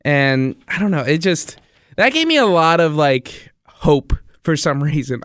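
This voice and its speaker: A man's voice: on the high side, expressive, unhurried, a bit bright, clean tone, no echo, studio quality. A young man hosting his own podcast, talking enthusiastically in a rambling, repetitive way. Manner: enthusiastic, rambling, repeats himself. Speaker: podcast host and radio DJ. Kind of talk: casual solo podcast monologue.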